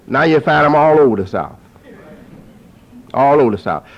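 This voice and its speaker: Guy preaching with a lively swooping voice, says things twice, dull lo-fi tape. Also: mid-range voice, normal speed. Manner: repeats phrases for emphasis; lively, rising to forceful peaks. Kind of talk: preaching to an audience. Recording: dull lo-fi recording.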